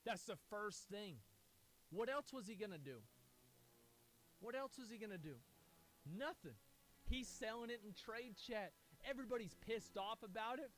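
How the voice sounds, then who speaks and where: A man streaming, telling a profane, animated story and acting out the quoted dialogue. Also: high voice, unhurried, pauses often. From United States. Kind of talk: casual storytelling to stream chat.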